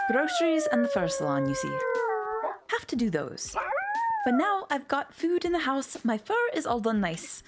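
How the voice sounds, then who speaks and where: A woman voicing a dramatic, self-absorbed middle-aged female cat wife with a fake German accent, reading a story game aloud. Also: mid-range voice. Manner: dramatic, self-absorbed, rolls out long names.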